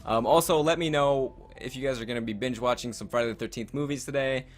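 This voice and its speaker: A young man telling a rambling, profane story while playing a video game, with loud outbursts. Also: medium pitch, fast talker. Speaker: gaming YouTuber. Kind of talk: storytelling over gameplay.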